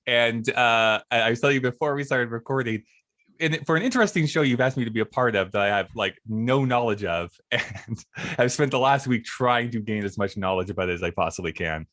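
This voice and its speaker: A man's voice: medium pitch, fairly quick, a bit bright, dry recording, studio quality. A man, a podcast guest chatting in an easygoing, self-deprecating way. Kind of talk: casual podcast chat.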